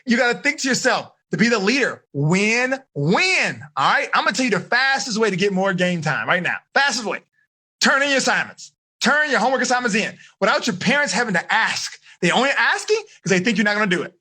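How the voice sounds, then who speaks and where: A man with a high, bright voice and a slightly husky edge coaches a room of teenagers. He talks with lots of energy, pushing them for high fives and answers, and acts out short scenes to make his points. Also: fairly quick. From United States. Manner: animated, coaxing the audience, acts out quoted voices. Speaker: life coach teaching a teen seminar. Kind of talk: energetic live seminar talk.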